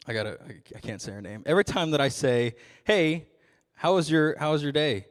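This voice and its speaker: A man's voice: medium pitch, long reverb tail. A young adult man giving a youth sermon as a ministry intern, casual and self-deprecating with frequent jokes.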